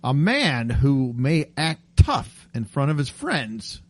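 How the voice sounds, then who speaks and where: A man's voice: medium pitch, big pitch swings, slow. A man co-hosting a comedy podcast, playfully quizzing his friends on odd words. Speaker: podcast co-host. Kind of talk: casual comedy podcast chat.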